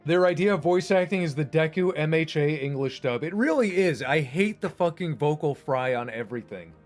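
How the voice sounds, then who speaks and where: A male streamer launches into a casual, heated rant, swearing freely and hammering his points home. His voice sits somewhat high, and quiet music plays behind him. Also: a little fast. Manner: profane, emphatic, animated.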